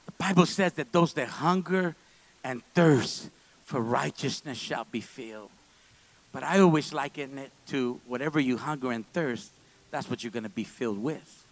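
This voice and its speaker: A man preaching a sermon in a church service, moving between quiet, low asides and loud, fervent stretches. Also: normal speed, rough recording. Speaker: pastor.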